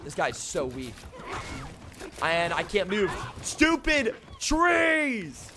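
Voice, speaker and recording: Upbeat young male game streamer, high pitch, chatty with viewers, faint background hiss. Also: slow pace. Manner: upbeat, greets chat by name, excitable outbursts. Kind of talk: casual live-stream chat while playing.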